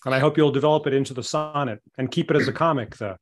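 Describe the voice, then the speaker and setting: A man's voice: medium pitch, rapid-fire. Man, instructor, easygoing and encouraging, heard over a video call. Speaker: workshop instructor. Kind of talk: giving feedback on a video call.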